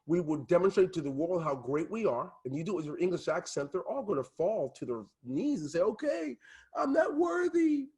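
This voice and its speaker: Man, business coach, high-pitched, husky, passionate and emphatic, video call. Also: lively intonation, fast, hardly any pauses. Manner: passionate, emphatic, sometimes loud. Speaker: team leader and business coach.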